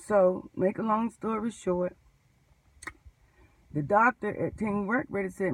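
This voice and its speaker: A woman, a postal mail handler, telling her story in an animated, emphatic vlog rant. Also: medium pitch, measured pace, long pauses, distant mic, a little hiss or hum, low-quality recording.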